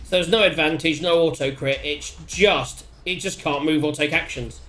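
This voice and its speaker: A man chatting excitedly as a player wrapping up a tabletop game session, swearing freely. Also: a little high, normal speed. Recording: faint music behind.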